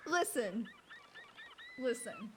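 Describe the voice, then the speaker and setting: Lively high-voiced woman streamer. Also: a little hiss or hum, rough recording. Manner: excitable, chatty, swears freely. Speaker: livestreamer playing a role-play game. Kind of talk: casual in-game role-play chat.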